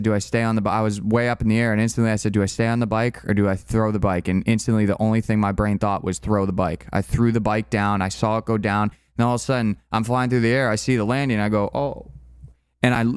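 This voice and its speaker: A young man tells a personal story in a rambling, candid way, stopping and restarting as he goes. His voice is low, flat and smooth, recorded dry in a room with no echo. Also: fast, hardly any pauses. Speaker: channel co-host. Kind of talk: casual storytelling.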